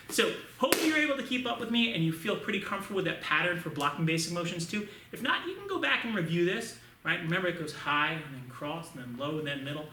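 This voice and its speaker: A martial arts instructor teaching an online class for children, calling out each move and cheering the students on. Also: male voice, fairly high pitch, bright, forceful tone, a little hiss or hum. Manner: upbeat, coaching, calls out moves. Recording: echoey room, distant mic.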